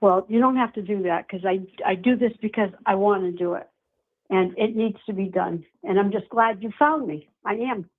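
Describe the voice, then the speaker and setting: A woman's voice: mid-range voice, normal speed. Older woman on a tinny phone line. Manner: affectionate, calls people honey and darling. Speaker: animal rescue nonprofit founder. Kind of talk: casual phone chat.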